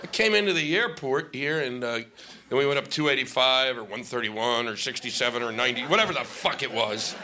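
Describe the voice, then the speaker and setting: A man's voice: medium pitch, fairly quick. A man doing a live stand-up comedy set, ranting and sarcastic, heavy on profanity. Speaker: stand-up comic. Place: live comedy venue with laughing audience. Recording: live set with audible audience noise.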